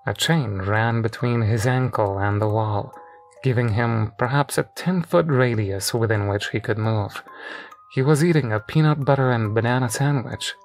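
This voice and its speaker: A man narrating a horror story in a measured, deadpan way. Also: medium pitch, faint music behind.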